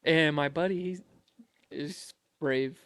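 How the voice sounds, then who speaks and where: A man in his twenties, a podcast guest, telling army stories in a casual, animated way and often breaking into laughter. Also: a little high, slow pace, clear, resonant tone, no room sound, clean studio sound. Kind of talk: casual storytelling.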